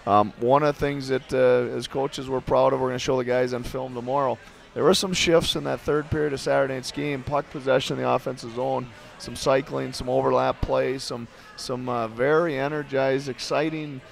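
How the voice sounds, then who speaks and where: A man coaching a hockey team, answering interview questions in a halting way with many fillers and dry jokes, in a restaurant. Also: mid-range voice, fairly even intonation, gravelly. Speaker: head coach.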